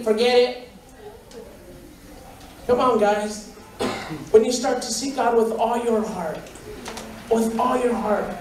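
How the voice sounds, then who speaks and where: High-voiced preacher guy cracking jokes mid sermon, sounds far from the mic, big church echo. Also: a little hiss or hum. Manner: joking, animated, repeats phrases. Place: church sanctuary.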